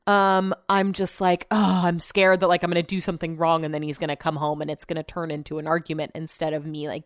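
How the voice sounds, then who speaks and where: A woman's voice: mid-range voice, dry recording, clean studio sound. A young woman hosting a podcast, telling a story in a chatty way, swearing freely and acting out what people said. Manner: chatty, swears freely, acts out quoted voices. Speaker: podcast host. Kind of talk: casual storytelling.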